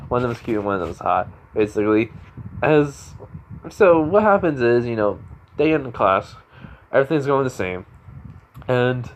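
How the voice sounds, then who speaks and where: A man tells a fan story in a loose, rambling way, circling back and restarting his sentences often. His voice sits at an ordinary middle pitch, and the telling feels offhand and unscripted. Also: slight background noise. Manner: rambling, full of fillers and restarts. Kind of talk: casual retelling of a fan story.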